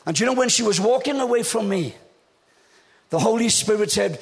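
A man in his seventies preaching a humorous, animated storytelling sermon on stage. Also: high-pitched, normal speed, vocal fry, long pauses, in a large hall. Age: 70s.

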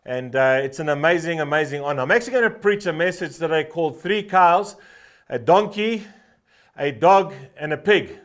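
A man's voice: on the high side, expressive, moderate pace, a bit bright. Fervent pastor in his fifties. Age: 50s. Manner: fervent, repeats a short refrain for emphasis; storytelling with frequent "uh" fillers. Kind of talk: sermon.

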